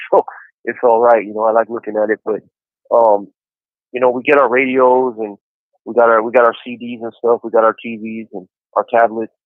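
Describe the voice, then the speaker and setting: A man in his forties with a medium-pitched voice talks briskly and flatly on a tinny prison phone line, calling in to a podcast. His story comes out in relaxed, casual chat peppered with "you know." There's no room sound on the handset recording.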